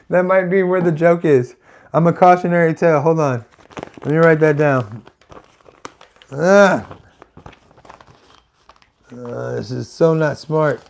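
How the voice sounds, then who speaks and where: A man's voice: on the high side, vocal fry. A man doing live stand-up comedy, telling a rambling story full of restarts and asides. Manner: rambling, self-interrupting, chatty asides.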